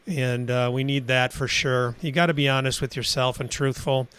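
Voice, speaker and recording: A man hosting a podcast interview, speaking in a relaxed, rambling way. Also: mid-range voice, normal speed, clear, resonant tone. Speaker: podcast host. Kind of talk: casual interview chat.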